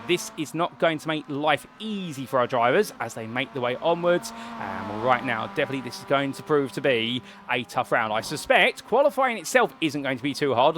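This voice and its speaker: A man's voice: medium pitch, noisy background. Chatty British man commentating sim racing. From United Kingdom. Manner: chatty, rambling, polite British phrasing. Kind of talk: solo race commentary.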